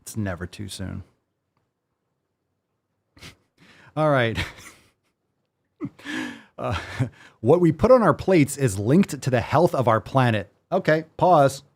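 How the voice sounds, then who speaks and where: A man's voice: medium pitch, sing-song, slow pace, long pauses. A man hosting a podcast, ranting in a blunt, sarcastic way and swearing often. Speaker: podcast host. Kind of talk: casual ranting commentary.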